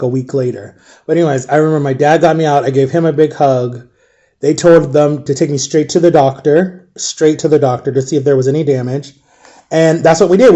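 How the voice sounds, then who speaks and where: A young man telling his own painful story, halting and repeating himself, close to tears at times. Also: fairly high pitch, warm tone. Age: young adult. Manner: halting, repeats himself, acts out quoted voices. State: emotional, near tears. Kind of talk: personal storytelling.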